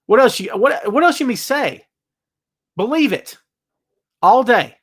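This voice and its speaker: A man hosting a wrestling chat show, talking casually in an animated, ranting way and laughing often. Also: extremely high pitch, a little slow, breathy edge. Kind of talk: casual live-chat rant.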